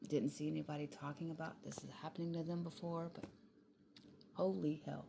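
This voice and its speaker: Tired low woman rambling late at night. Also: level tone, fairly quick, vocal fry, background noise. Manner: rambling, tired, swears freely, drifts into whispers. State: tired and yawning. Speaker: vlogger. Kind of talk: late-night casual vlog talk. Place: home kitchen at night.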